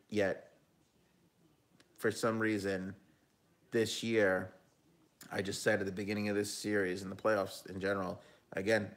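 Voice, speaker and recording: A man hosting a live hockey talk stream, chatting casually, giving his picks and reading viewer comments aloud. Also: fairly low pitch. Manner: casual, chatty, with frequent ums and self-corrections. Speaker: hockey talk show host and analyst.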